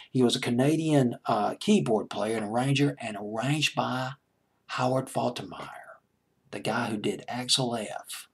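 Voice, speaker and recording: A man's voice: medium pitch, husky. A middle-aged man hosting his own music countdown in a rambling, casual way, often correcting himself and chuckling. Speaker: music video host.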